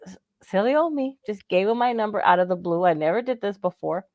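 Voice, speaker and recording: A woman's voice: mid-range voice, animated, brisk, no room sound, phone-quality sound. A woman on a radio show telling a long personal story in casual chat, laughing often and acting out the voices of people she quotes. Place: living in Florida.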